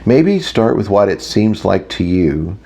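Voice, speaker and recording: A man voicing a calm male mentor with a dry British accent, giving measured advice in an audiobook. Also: on the low side, vocal fry, heavily acted. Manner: measured, advising.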